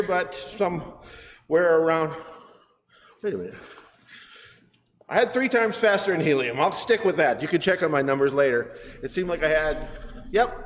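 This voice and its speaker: Science center guy rambling thru a demo, bit high voice, big echoey hall. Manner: chatty and rambling, self-correcting, laughs often. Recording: echoey hall with faint noise.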